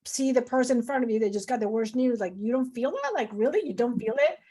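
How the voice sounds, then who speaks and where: A middle-aged woman doctor talking in a loose, effusive way, full of "like" and little asides, who slips into lively quoted voices. Her voice sits a little higher than most. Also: quick pace. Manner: effusive, talks with lots of fillers, acts out quoted voices. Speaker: physician guest. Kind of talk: casual interview talk.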